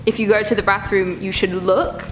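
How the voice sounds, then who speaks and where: A woman's voice: medium pitch, level tone, moderate pace, soft background music. A woman hosting a reaction video, chatting casually and groaning in disgust as she rambles. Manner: squeamish, exclaiming, rambling.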